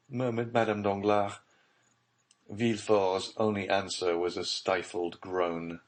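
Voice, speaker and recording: A man narrating a classic novel as an audiobook in a measured, low-key dramatic reading. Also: flat delivery.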